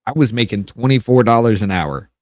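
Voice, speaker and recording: A man's voice: mid-range voice, lively intonation, a little fast, no room sound, studio quality. A man chatting on a podcast, telling a story with restarts, trailing phrases and swearing. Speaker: podcast co-host. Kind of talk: casual podcast chat.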